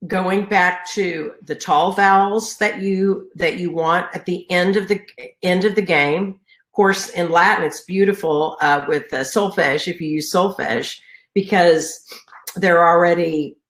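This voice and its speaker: Woman, middle-aged, stuffy sinus voice, unhurried, echoey room recording. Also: lowish voice, fairly bright tone. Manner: earnest, full of fillers and restarts. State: congested from a sinus infection. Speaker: choral music educator. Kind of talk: conference teaching presentation.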